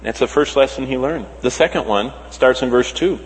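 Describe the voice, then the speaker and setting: A man preaching a sermon, swinging between loud emphatic lines and soft, slow ones. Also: mid-range voice. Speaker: pastor. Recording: long hall reverb.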